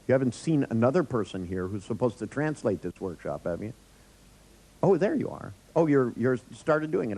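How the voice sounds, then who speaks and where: A man's voice: medium pitch, vocal fry, dark tone, rough recording. A man giving a live workshop lecture to an audience, telling wry, joking anecdotes. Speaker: workshop trainer.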